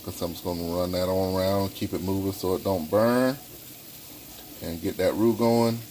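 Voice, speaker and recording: A man giving a casual home cooking tutorial in a relaxed, folksy way, talking through each step at the stove. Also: deep voice, normal speed, a little hiss or hum. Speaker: home cook. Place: home kitchen, stove sizzling behind.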